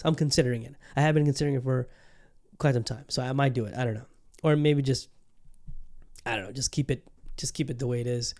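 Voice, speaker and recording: A man's voice: medium pitch, a little mellow. A man in his thirties hosting a podcast in candid, profane, rambling casual chat. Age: 30s. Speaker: podcast host.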